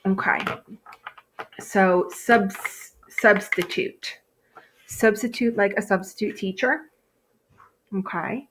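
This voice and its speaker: A woman's voice: mid-range voice, slow, long pauses, slight background noise. A woman teacher giving a recorded phonics lesson, explaining step by step with frequent "okay" and "um". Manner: patient, explains step by step, frequent okays and ums.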